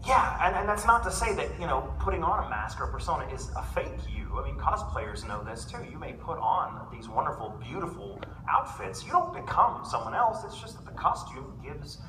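A man speaking as a guest at a convention panel, animated and self-deprecating and laughing often, recorded from the audience on a phone. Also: a little high, normal speed, hardly any pauses. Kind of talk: casual convention panel talk. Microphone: phone in the audience, far off. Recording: echoey room, far-off phone audio, noise.

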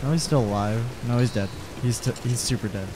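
A man's voice: mid-range voice, fairly quick, background noise. A man from Canada co-hosting a let's-play, chatting casually and joking as he plays. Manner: joking, rambling, laughs often. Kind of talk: casual gameplay chat.

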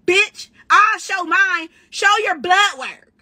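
Brash high-voiced woman ranting. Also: no echo. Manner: brash, trash-talking, rapid and animated. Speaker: battle rapper giving commentary. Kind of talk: casual profane rant.

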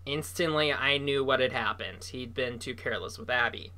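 A reader narrating a children's novel aloud, lively and voicing the characters. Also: mid-range voice, moderate pace.

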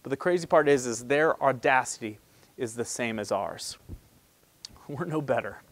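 In his sermon, a male pastor talks with the congregation as if in conversation, alternating loud, emphatic phrases with near-hushed ones. His voice sits in the mid range, his pace is normal, and the sound is echo-free.

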